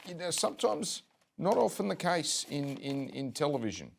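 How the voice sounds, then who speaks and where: A man hosting a podcast, reading out fan questions and joking with his guest in a relaxed way. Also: a little high, normal speed, gravelly, slight background noise. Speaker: podcast host. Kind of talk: casual chat.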